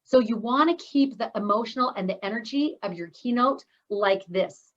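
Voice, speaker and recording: A woman speaking coach teaches an online course over a video call. She talks fast and then stops short to lean on key words. Her mid-range voice comes through slightly dull, lo-fi call audio. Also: on the high side. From Scotland. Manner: fast-talking, with sudden pauses and stressed words.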